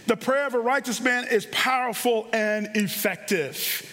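A male pastor with a very high-pitched, pushed, bright voice delivers a sermon with punchy fervor, repeating words to drive his points home. He speaks at normal speed with few pauses, and a long hall reverb trails his voice.

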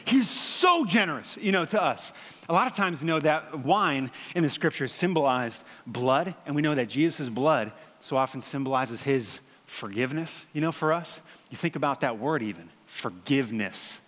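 Pastor, man, 30s: bright, forceful and a touch high; casual, animated preaching, echoing through a big hall. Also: moderate pace. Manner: conversational, animated storytelling with frequent fillers. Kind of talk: sermon.

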